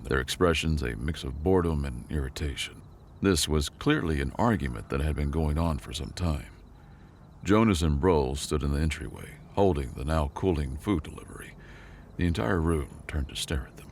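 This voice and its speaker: Male narrator for a sci-fi audio story, very deep gravelly voice, measured reading, faint noise underneath. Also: animated.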